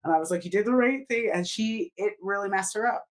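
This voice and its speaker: A woman's voice: medium pitch, fairly quick. A woman co-hosting a podcast, telling a story in casual chat, rambling with lots of fillers and swearing freely. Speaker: podcast co-host.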